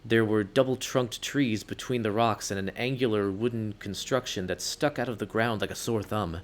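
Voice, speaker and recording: A man reading a story game aloud in the first person, expressive with sudden outbursts. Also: lowish voice, moderate pace.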